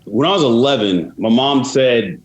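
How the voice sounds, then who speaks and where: Male podcast guest, husky voice, mid pitch, measured reflective storytelling. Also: expressive, rough recording. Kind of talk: casual podcast interview.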